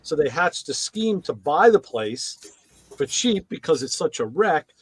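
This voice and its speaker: Guy on a podcast, high voice, bouncing up and down, acts out the lines, dry sound. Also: a little slow, slightly rough, no room sound. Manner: animated storyteller, acts out characters' lines in raised voices. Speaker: podcast co-host. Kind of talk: casual chat retelling TV episodes.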